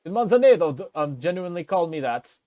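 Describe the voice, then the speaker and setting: A man voicing a friendly, portly male quartermaster in a rough attempt at an Italian accent, jovial and teasing. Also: fairly high pitch, very animated, fast, warm tone, no room sound, muffled recording, pitched above the performer's own voice. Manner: jovial, teasing, a little smug.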